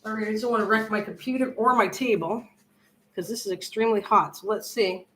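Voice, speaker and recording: A woman's voice: medium pitch, fairly quick, heavy background noise. An older woman hosting a casual cooking livestream from her home kitchen, chatting and answering viewer comments in a rambling, friendly way. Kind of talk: casual live-stream chat, reading comments aloud.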